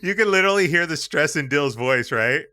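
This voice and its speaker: A man's voice: on the high side, pushed and bright, dry recording, clean studio sound. A man co-hosting a gaming podcast, teasing his friends and laughing often. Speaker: podcast co-host. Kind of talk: casual chat.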